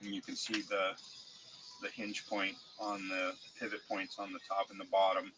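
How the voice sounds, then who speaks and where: A man with a cold streaming live, speaking congested and halting, with many fillers and restarts as he shows model parts to chat. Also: sits low, monotone, dull audio, noisy background. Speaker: streamer showing 3D-printed model car parts. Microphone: desk mic, close.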